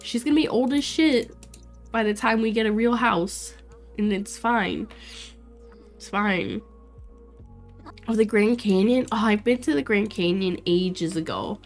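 A woman's voice: medium pitch, unhurried, pauses often, soft background music. A woman in her twenties chatting casually and bubbly with viewers while streaming a game, laughing often. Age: 20s. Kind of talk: casual livestream chat while playing.

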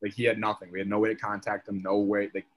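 Low, flat-voiced young man telling a story. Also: fast. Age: young adult. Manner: chatty, filler-heavy, leans on "like". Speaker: podcast guest. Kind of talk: casual storytelling.

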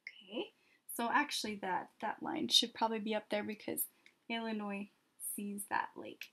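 A woman teaching children an art lesson step by step, patient and gently encouraging, often pausing as she draws. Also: medium pitch, level tone.

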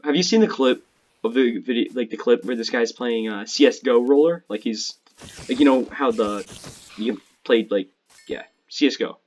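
A man's voice: medium pitch, moderate pace, a little mellow. A man chatting casually with a friend while gaming, telling crude joking stories. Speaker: gamer playing with a friend.

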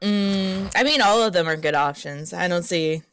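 A woman's voice: on the low side, normal speed, a bit bright, clear, resonant tone, no room sound. A woman co-hosting a live stream, chatting in a laid-back, giggly way. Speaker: streaming co-host. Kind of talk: casual chat.

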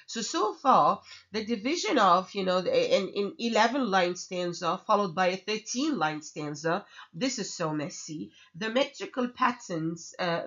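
A woman's voice: mid-range voice, a bit bright. A woman giving a literature lecture in a chatty way, with many fillers and frequent "okay?" checks. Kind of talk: recorded online lecture. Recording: slightly dull lo-fi audio.

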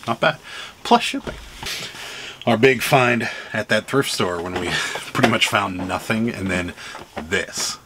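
A man's voice: lowish voice, animated, unhurried, pauses often, noisy background. A man with a Pittsburgh accent chatting casually on his vlog about items he has sold, rambling with lots of ums and laughing now and then. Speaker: reseller vlogger.

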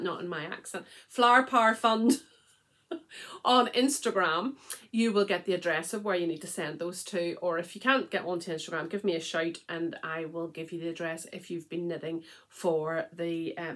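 Chatty woman, somewhat low voice. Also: fairly bright tone. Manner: chatty, rambling, frequent ums and laughs. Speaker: knitting podcast host. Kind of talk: casual chatty vlog.

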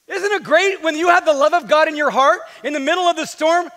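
High, bright-voiced joking preacher man. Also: brisk. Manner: lively, joking preacher with playful asides. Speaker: pastor. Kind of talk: sermon. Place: church sanctuary. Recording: long hall reverb in a church.

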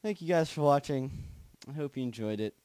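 A young man plays a horror game, talking to himself in nervous mutters and repeated chants, swearing often. His voice sits at an ordinary middle pitch, and he breaks into loud yelps when startled. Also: lively intonation, brisk, clear, resonant tone, no room sound. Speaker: gaming channel host.

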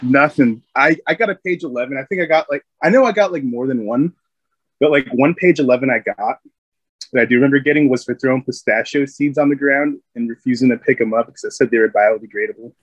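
A man's voice: medium pitch, fast talker, slightly rough, no room sound, highs cut off. A man, a Marine veteran, casually telling stories from his service, rambling with many fillers and frequent laughs. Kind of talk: casual storytelling.

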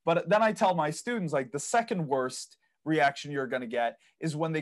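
Animated man telling investing stories. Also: on the high side, a little fast, few pauses. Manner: storytelling, acts out other people's quoted reactions; laughs at his own stories. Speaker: podcast guest, property investing mentor. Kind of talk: casual interview chat.

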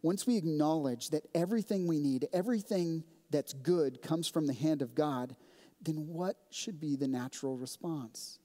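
A man delivering a sermon as pastor, earnest and measured, recorded in a church sanctuary. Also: on the high side, warm tone. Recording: long reverb of a church hall.

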